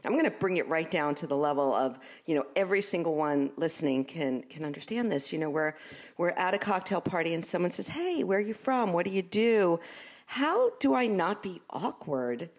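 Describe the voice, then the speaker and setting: A woman from Brooklyn with a Brooklyn accent, hosting an interview in a chatty, animated way. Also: low voice, normal speed. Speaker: podcast host. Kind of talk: casual interview chat.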